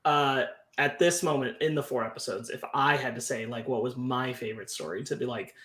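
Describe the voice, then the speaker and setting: A man's voice: mid-range voice, a little fast, sharp tone. Analytical man in an echoey room. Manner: analytical, thoughtful, talks through ideas with restarts. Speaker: podcast co-host. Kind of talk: casual podcast discussion.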